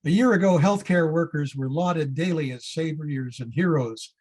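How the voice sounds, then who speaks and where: A man with a somewhat higher, mellow voice and a slightly husky edge gives an earnest civic address. He speaks in a measured, deliberate way, like a former judge reading a prepared speech. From Canada. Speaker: former citizenship judge giving an awards address.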